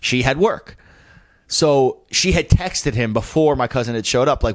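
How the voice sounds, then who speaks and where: A man's voice: mid-range voice, a little slow. A young man co-hosting a comedy podcast, telling a story in casual chat and acting out the people in it, with plenty of swearing. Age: young adult. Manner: animated storyteller, acts out quoted people, swears a lot. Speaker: podcast co-host.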